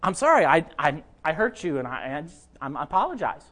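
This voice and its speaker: Man playing a flustered churchgoer, stammering apology, high lively voice. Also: a little fast. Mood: apologetic.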